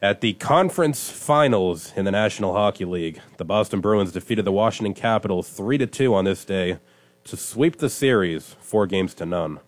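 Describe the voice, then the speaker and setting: Male co-host, low voice, animated storyteller, dry close sound. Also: normal speed, dry recording. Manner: animated joke telling, shouting punchlines. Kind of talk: casual morning show banter.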